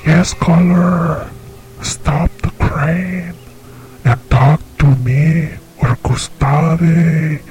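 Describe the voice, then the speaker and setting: A man's voice: on the high side, fairly even intonation, very slow, a little mellow, a little hiss or hum. A man hosting a comedic call-in bit, playful and drawn out. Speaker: host. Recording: music playing behind.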